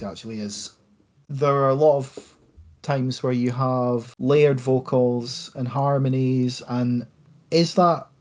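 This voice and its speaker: A man co-hosting a podcast, asking a guest about her album in a soft, hesitant way with fillers. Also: mid-range voice. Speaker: podcast co-host. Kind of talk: casual interview questions.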